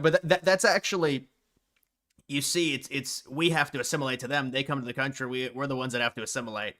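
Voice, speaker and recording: A man hosting a casual live stream, chatting and reacting quickly while answering chat questions. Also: mid-range voice, fairly even intonation, pushed and bright. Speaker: livestream host.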